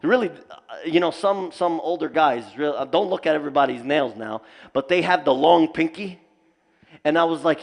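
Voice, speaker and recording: A man teaching at a community center, telling stories with humor and lively asides. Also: fairly high pitch, normal speed, creaky. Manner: animated storytelling with humor. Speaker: Islamic teacher. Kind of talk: community lecture. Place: mosque community hall.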